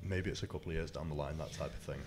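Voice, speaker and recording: A man's voice: a bass voice, steady tone, rapid-fire, a crowd in the background. A man hosting a casual podcast chat, rambling through stories and swearing freely. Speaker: host.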